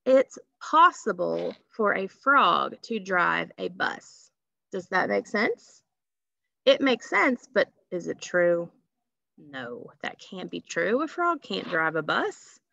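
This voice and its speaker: A woman's voice: a little high, vocal fry, fairly bright tone, dry recording. A woman teaching a phonics lesson to children, patiently stretching out sounds and asking questions. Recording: dull lo-fi recording.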